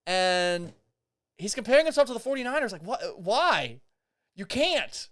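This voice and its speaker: A man's voice: sits high, big pitch swings, unhurried, a bit bright. A man hosting a sports podcast, ranting in a casual, incredulous and profane way. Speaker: sports talk host. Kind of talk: casual sports talk rant. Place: Houston.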